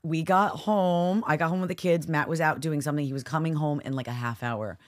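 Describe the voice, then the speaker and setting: A woman in her thirties chats on a podcast in a fairly low voice, telling stories with lively acted-out quotes. She slips from one voice into another as she tells it, and keeps the talk casual and loose. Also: a little fast. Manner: animated storytelling, acts out voices in quotes. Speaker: podcast co-host. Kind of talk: casual chat.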